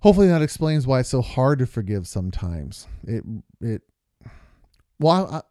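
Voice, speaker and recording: A man's voice: medium pitch, very animated, normal speed, mellow, no room sound, studio quality. A man co-hosting a podcast with his wife, talking earnestly through long examples and stories. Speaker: podcast co-host. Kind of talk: casual podcast conversation.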